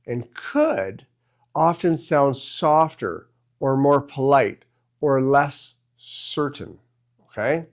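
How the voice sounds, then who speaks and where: A man teaching an English grammar lesson to beginners, patiently ending each point with "okay?". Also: medium pitch.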